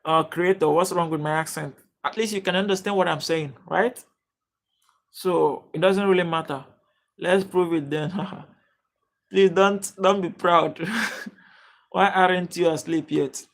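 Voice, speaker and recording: Nigerian male stream host, casual and talkative, fairly high voice, keeps welcoming chat. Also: measured pace, vocal fry, long pauses. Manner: chatty, greets viewers by name, reads chat aloud. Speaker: livestream host.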